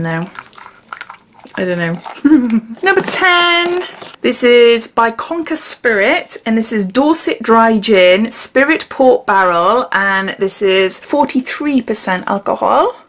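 A woman's voice: fairly high pitch, a little hiss or hum. A woman chatting casually as she unboxes and sniffs gins, giggling often and dropping into whispers. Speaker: beauty vlogger.

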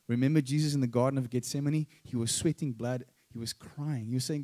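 A man's voice: medium pitch, fairly even intonation, a little fast, hardly any pauses, mellow. A male pastor with a South African accent preaching a sermon, emphatic and rising on key phrases.

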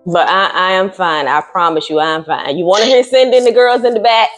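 A woman's voice: mid-range voice, fairly quick, faint music behind. A woman on a prank phone call and vlogging afterwards, casual and apologetic. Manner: apologetic, emphatic, talks with friends nearby. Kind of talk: casual phone chat and vlog talk.

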